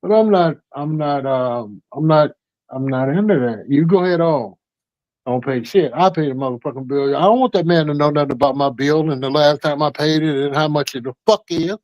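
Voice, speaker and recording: A man calls in to a morning talk show and rambles through a story, cursing constantly and getting worked up as he goes. His voice sits fairly high for a man, and the recording is dry and close. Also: a little fast, darkish tone, dry recording, highs cut off. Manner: profane, heated rambling storyteller. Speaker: caller telling a story. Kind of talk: casual call-in chat.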